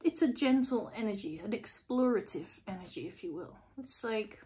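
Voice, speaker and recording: A woman giving a casual, chatty tarot reading to camera as host, blunt and animated. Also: medium pitch, normal speed, slight background noise. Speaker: tarot reader, channel host.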